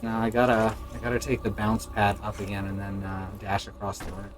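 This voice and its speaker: A man's voice: on the low side, completely flat delivery, a little fast, background noise. Wry man streaming a game. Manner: wry, joking, narrating his gameplay. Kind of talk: casual live-stream chat while playing.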